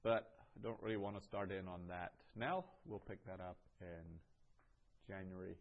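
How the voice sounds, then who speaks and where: A man teaching a language class, explaining patiently with pauses and restarts, reading phrases aloud. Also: low-pitched, fairly even intonation, creaky, phone-quality sound. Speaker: Greek teacher. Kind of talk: classroom lecture.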